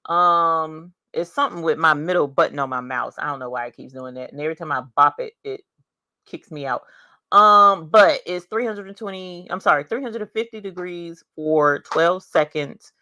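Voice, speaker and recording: A chatty woman hosts a craft livestream from home. She greets viewers and reads their comments aloud, with an animated, laughing delivery. Her voice is bright and forceful, and it sounds dry and close. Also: low-pitched, normal speed, no echo. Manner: animated, with bursts of laughter and cheering. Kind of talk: casual livestream chat.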